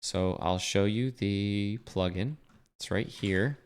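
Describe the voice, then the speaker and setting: A young man with a fairly low voice walks through a coding tutorial as he shares his screen. He talks casually and thinks aloud, with plenty of fillers and self-corrections along the way. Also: slow pace, clear, resonant tone. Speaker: web developer teaching a coding tutorial.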